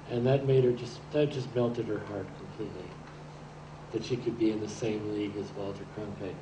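A man's voice: lowish voice, muffled recording. Older man telling stories in an echoey room. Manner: rambling storyteller, relaxed and halting. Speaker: photographer presenting his pictures. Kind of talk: anecdotal slide talk. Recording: roomy echo, distant mic, faint hiss.

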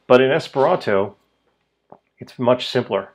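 A man teaching a pronunciation lesson, speaking slowly and repeating each word so learners can follow. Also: medium pitch, lively intonation. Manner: slow, deliberate, repeats words for learners. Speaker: language teacher.

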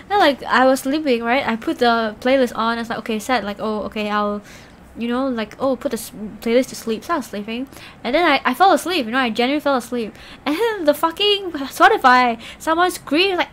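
A woman live-streaming, chatting loosely with her viewers and rambling through her stories with plenty of filler words. Her voice sits a little high. A faint noise runs under the recording. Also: a little fast. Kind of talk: casual live-stream chat.

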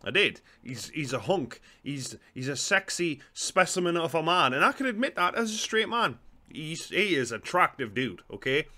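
A man with a Geordie accent, chatting excitably and swearing while reacting to a comedy show. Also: fairly high pitch, normal speed. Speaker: reaction video host. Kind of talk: casual reaction commentary.

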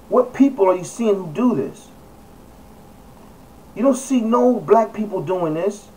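Emphatic man, fairly high voice, distant mic. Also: animated, measured pace, pauses often, a little mellow. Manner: emphatic, repeats phrases, many fillers. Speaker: video blogger. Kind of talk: casual vlog commentary.

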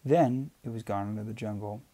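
A man reading a novel aloud in a steady voice, with occasional slips and restarts. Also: fairly low pitch, fairly quick. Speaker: amateur reader. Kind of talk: audiobook reading.

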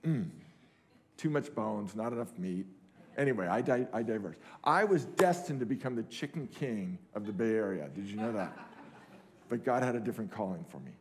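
A man's voice: fairly low pitch, expressive, fairly quick, darkish tone. A middle-aged man preaching a sermon at a family camp, earnest, repeating key phrases for emphasis. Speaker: camp speaker. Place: camp meeting hall.

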